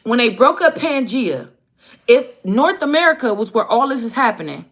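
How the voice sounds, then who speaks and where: A woman hosting a livestream, telling a story in a casual, animated and profane way. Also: a little high, normal speed. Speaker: livestream host.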